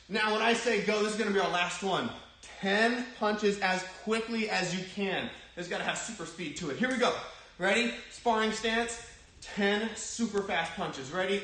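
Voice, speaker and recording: A man's voice: high-pitched, moderate pace, fairly bright tone. A man teaching a kids' martial arts class, calling out drill commands and encouraging the students. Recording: very echoey room.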